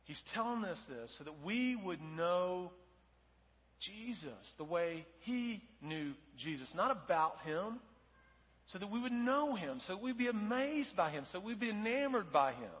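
A man preaches in a conversational way, often stepping into the voices of the people he quotes. His voice sits a little high and is heard through a dull, muffled recording with a long hall reverb. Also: animated, a little slow. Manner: conversational preaching with fillers, dramatizes quoted lines. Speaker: pastor. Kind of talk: sermon. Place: church sanctuary.

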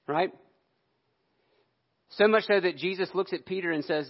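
A male preacher telling a scripture story in an animated sermon, acting out the quotes. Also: sits high, moderate pace, long pauses, highs cut off.

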